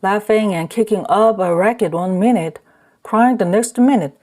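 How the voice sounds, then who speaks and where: A woman reading an audiobook, voicing a man who calmly scolds and questions his drunk friend. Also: medium pitch, moderate pace, voice pushed up, close to an everyday voice. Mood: puzzled. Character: wary man drinking companion.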